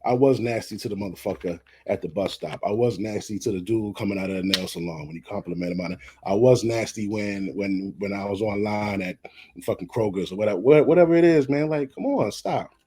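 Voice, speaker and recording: Blunt, husky-voiced man ranting casually. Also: on the low side, a little fast, mellow. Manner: blunt, profane, worked up, repeats himself. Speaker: commentary vlogger. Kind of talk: casual commentary.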